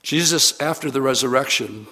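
A man's voice: mid-range voice, normal speed, bright, forceful tone. A man preaching a sermon, retelling scripture in a conversational, storytelling way with casual fillers.

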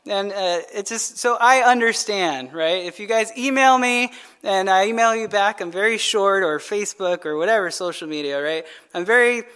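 A man's voice: sits high, normal speed, pushed and bright, clean tone. A male pastor preaching a midweek sermon in a loose conversational way, asking "right?" over and over and adding jokey asides to the congregation.

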